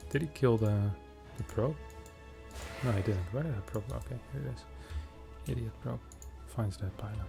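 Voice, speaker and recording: A man casting a strategy game match in a chatty, joking way, reacting fast to the play. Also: medium pitch, vocal fry, over music. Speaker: esports caster. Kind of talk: casual game commentary.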